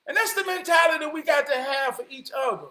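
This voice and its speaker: A man delivering an impassioned motivational monologue, preaching his point and often rising to a shout. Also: extremely high pitch, brisk. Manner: preachy, repeats "I promise you", rises to shouting. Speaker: vlogger giving life advice.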